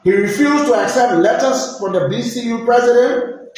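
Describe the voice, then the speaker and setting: A man's voice: very high voice, moderate pace, a little mellow. Emphatic man with a Liberian accent. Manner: formal, emphatic, admonishing. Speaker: university vice president. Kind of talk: press conference statement. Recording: very echoey room with faint noise.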